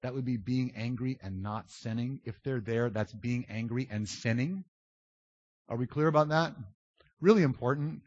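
A man preaching a sermon, animated and self-described loud, swinging from big outbursts to low confiding tones. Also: moderate pace, dry recording, dull audio. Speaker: pastor.

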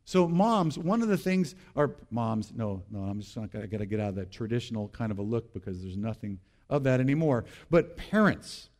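Animated pastor preaching. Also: male voice, lowish voice, fairly quick, few pauses. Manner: animated, repeats key phrases, asks the congregation to respond. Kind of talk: sermon.

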